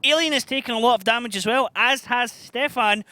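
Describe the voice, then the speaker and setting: A man with a Scottish accent casting a live esports match, upbeat and quick with the play-by-play. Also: very high voice, sharp tone. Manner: brisk, upbeat play-by-play with laughs. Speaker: esports caster.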